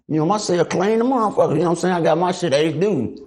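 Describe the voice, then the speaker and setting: A middle-aged man telling stories in a casual interview, animated and profane, acting out the voices of the people in them. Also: high-pitched, fast talker. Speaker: guest.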